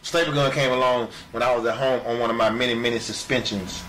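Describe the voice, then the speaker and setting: A man telling a profane wrestling-locker-room anecdote, animated and swearing freely. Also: medium pitch, quick pace, slight background noise. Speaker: former wrestler. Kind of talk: storytelling anecdote.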